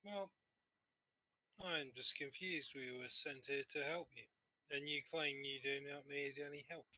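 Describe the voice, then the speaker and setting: A man's voice: medium pitch, steady tone, unhurried, sharp tone. A man playing his character in a tabletop game, questioning a shopkeeper in a puzzled, probing way. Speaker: player voicing his character. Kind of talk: in-character role-play.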